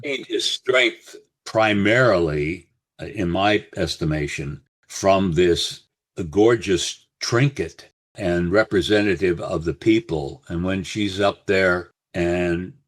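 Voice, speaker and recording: Low-voiced older man telling stories. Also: takes it slowly, no room sound. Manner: reflective, anecdotal, quotes others in voices. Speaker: actor guest. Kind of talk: storytelling interview.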